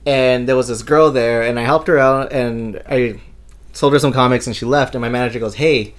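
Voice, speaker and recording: A man's voice: mid-range voice, fairly even intonation, a little fast. A young man co-hosting a casual podcast, telling a long anecdote full of quoted exchanges. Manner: storytelling, quoting people. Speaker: podcast co-host. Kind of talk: casual chat.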